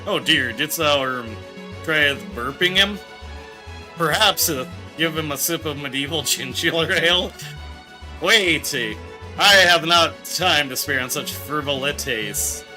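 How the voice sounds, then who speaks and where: A man's voice: a little high, slow, pushed and bright, heavily acted. A man voicing a pompous, scheming male minion who speaks in theatrical mock-old English with pirate flourishes. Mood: grandiose. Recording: faint game music behind.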